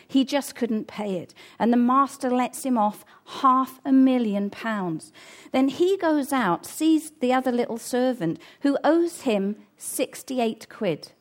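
A woman's voice: on the high side, darkish tone. A woman preaching a sermon in an earnest, conversational way, breaking off for casual asides.

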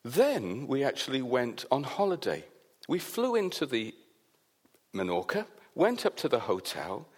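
A man's voice: mid-range voice, unhurried. Guy from wales preaching, telling a story, voice swoops all over the place. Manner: animated storyteller, acts out the quoted voices. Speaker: pastor. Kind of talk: sermon with personal storytelling.

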